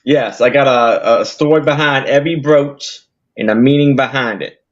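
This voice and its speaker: A man, a guest vendor on a live sale, describing items in an unhurried, halting way. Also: medium pitch, highs cut off.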